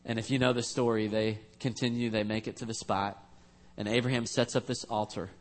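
A man's voice: on the low side, little pitch movement, a little fast. Earnest conversational male pastor preaching. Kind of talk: sermon.

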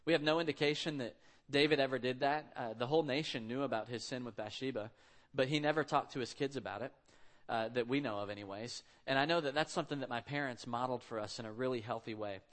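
Male pastor, thirties, bright, pressing delivery, casual storytelling sermon. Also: mid-range voice, fast, few pauses. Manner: conversational storytelling, acts out quotes.

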